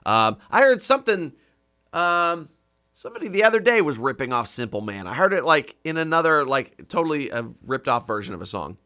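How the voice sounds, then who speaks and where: A man casually chatting with viewers on his live stream, rambling with many fillers and breaking into comic songs in a rough voice. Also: on the high side, big pitch swings, fairly quick, sharp tone. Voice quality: rough singing voice. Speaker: comedy musician hosting a live stream.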